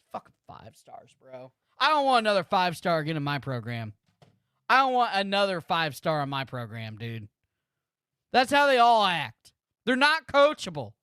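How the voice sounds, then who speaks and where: A man's voice: very high voice, pushed and bright, no room sound, clean studio sound. A man in his thirties hosting a live football watch-party stream, ranting about a player in a repetitive, profane way. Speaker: sports streamer host.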